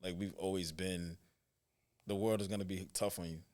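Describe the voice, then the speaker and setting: A man in his twenties with a low voice, a football coach and trainer, is a guest on a podcast. He tells stories casually at a moderate pace, loose and full of slang, and gets animated when he imitates parents.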